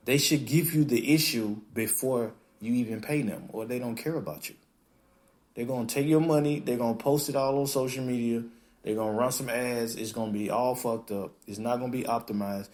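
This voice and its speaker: A man hosting a podcast, talking in a casual, animated monologue that acts out quoted voices and swears freely. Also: medium pitch. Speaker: podcast host.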